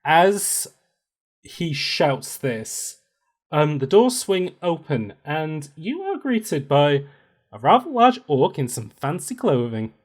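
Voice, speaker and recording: A man's voice: a little high, very animated, slow pace. A man narrating as game master of a tabletop role-playing game, playful and laughing often.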